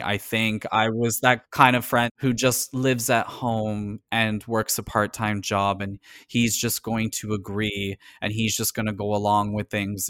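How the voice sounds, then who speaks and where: A man's voice: on the low side, a bit bright, no room sound, clean studio sound. A man from Canada in casual conversation as a podcast co-host, talking earnestly and reflectively about personal experience.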